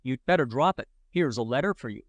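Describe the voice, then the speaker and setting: A man's voice: medium pitch, lively intonation, brisk, no echo, dull audio, natural voice. A man voicing a teasing, unyielding postman who speaks in a curt, firm way.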